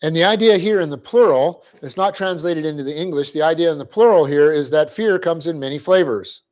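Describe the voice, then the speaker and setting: A man's voice: on the high side, darkish tone. A middle-aged man giving a classroom lecture on Greek grammar as a Bible teacher, explaining patiently, often checking in with his class and laughing at his own slips. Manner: light-hearted, quick to laugh at himself. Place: church classroom.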